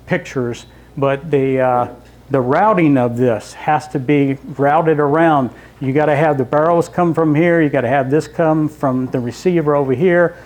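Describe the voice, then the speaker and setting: A man lecturing from slides in a relaxed, conversational way. His voice sits a touch higher than most men's. He walks the audience through the material step by step, with small asides. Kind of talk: public history lecture with slides. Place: library lecture room.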